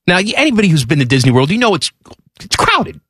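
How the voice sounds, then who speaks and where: Male radio host, slightly high voice, animated emphatic storyteller. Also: fast, dry recording, studio quality. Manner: lively, emphatic, exasperated retelling.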